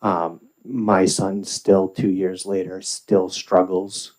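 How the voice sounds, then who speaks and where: A middle-aged man giving formal testimony as a parent at a legislative hearing, measured, with filler pauses. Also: low voice, level tone, darkish tone, rough recording.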